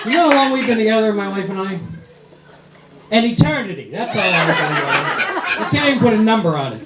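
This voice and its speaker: Exasperated New York stand-up comic with a lively, swinging voice, recorded in an echoey club. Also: male voice, high-pitched, heavy background noise. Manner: exasperated, rapid-fire complaining with rhetorical questions. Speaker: stand-up comedian. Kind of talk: stand-up comedy routine. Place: comedy club stage. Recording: echoey club with loud audience laughter.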